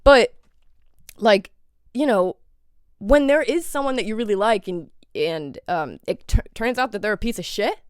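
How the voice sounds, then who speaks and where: A woman's voice: mid-range voice, animated, measured pace, clean tone, no room sound, clean studio sound. Heated swearing young woman podcaster. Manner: heated, swears a lot, rhetorical questions. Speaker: podcast host. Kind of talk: casual commentary rant.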